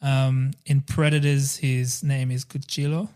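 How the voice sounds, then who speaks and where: A man's voice: mid-range voice, flat delivery, measured pace, darkish tone, clear, resonant tone. A man co-hosting a casual film podcast, rambling with many fillers. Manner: rambling, chatty, hesitant fillers. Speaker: podcast co-host.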